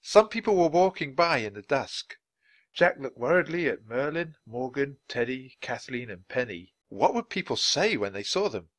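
A man reading a children's book aloud at natural speed for English learners, clear and expressive. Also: mid-range voice, moderate pace, no echo. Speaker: storybook reader.

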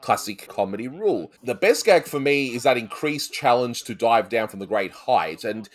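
Man, cartoon review host, casual chat, lively intonation, laughs a lot, mid pitch. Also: moderate pace. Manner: chatty, laughs often, quotes lines in funny voices.

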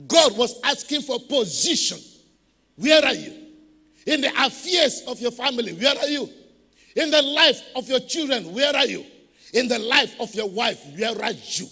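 A man preaching with a very high, bright, forceful voice. He drives his points home and calls on the congregation to repeat after him. The sound carries a long reverb from the church hall. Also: animated, moderate pace, gravelly, slightly rough. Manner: emphatic preaching with call-and-response to the congregation. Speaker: pastor. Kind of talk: sermon.

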